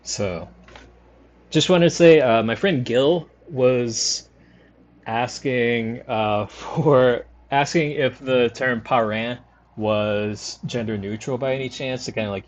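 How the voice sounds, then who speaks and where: A man from the New Orleans area giving rambling, relaxed commentary while streaming a game. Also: medium pitch, takes it slowly, muffled recording. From New Orleans area, Louisiana. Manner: rambling, lots of fillers, relaxed. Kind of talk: casual commentary over gameplay.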